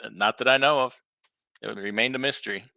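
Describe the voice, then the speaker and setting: A man's voice: mid-range voice, fairly quick, gravelly, bright, forceful tone, dry recording. A man, a guest on a live talk show, telling a funny story with chuckles and repeated words.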